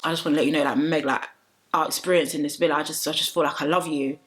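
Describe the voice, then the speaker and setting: A woman imitating a young man haltingly confessing his love, with lots of fillers. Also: a little high, steady tone, a bit bright, pitched below the performer's own voice, close to an everyday voice. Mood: earnest. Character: smooth-talking young male islander confessing love.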